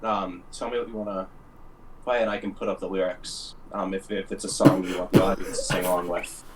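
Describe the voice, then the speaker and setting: A man's voice: low-pitched, level tone, a little fast, recorded from a distance, a little hiss or hum, low-quality recording. A man playing a tabletop game, easygoing and a little hesitant. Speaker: player. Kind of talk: casual tabletop play.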